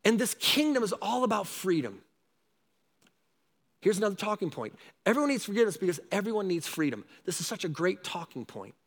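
A man preaching a sermon, animated, with rising shouts and repeated calls to his listeners. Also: high voice, a little fast, in a large hall. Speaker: pastor.

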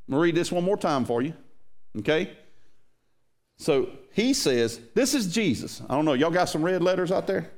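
Man, pastor, folksy sermon, slightly high voice, lively pitch. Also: moderate pace.

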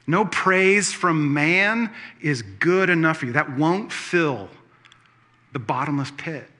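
A middle-aged man delivers a sermon with a bright, fairly high voice. He retells scripture in a lively, animated way and drops in playful jokes along the way. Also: takes it slowly. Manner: animated storytelling with playful asides. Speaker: pastor.

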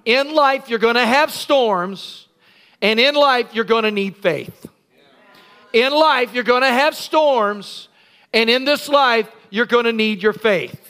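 A man preaching a sermon as pastor in a church, telling a Bible story with lively acted-out scenes and bursts of shouting. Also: very high voice, slow.

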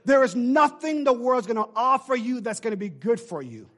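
A man preaching a sermon, calling on the congregation to answer him and building from quiet talk to loud shouting. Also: very high voice, lively intonation, moderate pace.

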